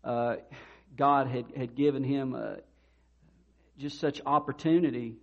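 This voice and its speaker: A man's voice: medium pitch, unhurried, gravelly. Man preaching in a conversational way, lo-fi. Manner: conversational preaching with animated retold dialogue. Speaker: pastor. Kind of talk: sermon.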